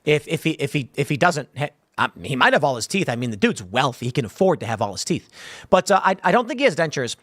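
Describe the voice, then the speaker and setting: A man delivers combative news commentary in a fairly high voice, his pitch swinging widely as he mocks critics. The sound is dry and close, with no room around it. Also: quick pace, dry recording. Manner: animated, combative, sarcastic asides to critics.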